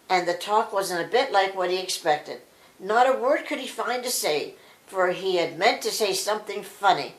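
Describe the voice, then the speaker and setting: Grandma reading a bedtime story, super animated, echoey room. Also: female voice, medium pitch, moderate pace. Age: older. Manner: expressive reading aloud. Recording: roomy echo.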